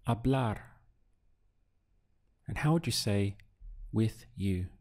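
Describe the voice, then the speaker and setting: Male language tutor, low voice, very slow and measured delivery, audio lesson. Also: animated, darkish tone. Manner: slow, deliberate prompts with pauses for the learner. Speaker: Spanish teacher.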